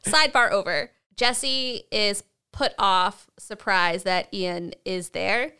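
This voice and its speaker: A woman's voice: mid-range voice, slow, pushed and bright, smooth. A woman co-hosting a podcast, chatting casually through a TV episode recap, laughing often and acting out characters' lines. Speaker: podcast co-host.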